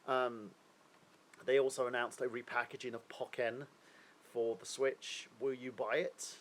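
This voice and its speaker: A man's voice: mid-range voice, little pitch movement, a little slow, a bit bright, low-quality recording. A man hosting a live stream, chatting casually and rambling through his opinions while asking viewers questions; he sounds a little unwell.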